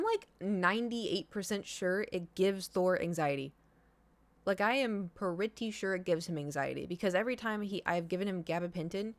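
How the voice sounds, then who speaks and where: A young woman streamer tells a story in a loose, rambling way, full of fillers and restarts. Her voice sits at a middling pitch. The sound is dry and close, with almost no room around it. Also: no echo. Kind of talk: casual storytelling chat.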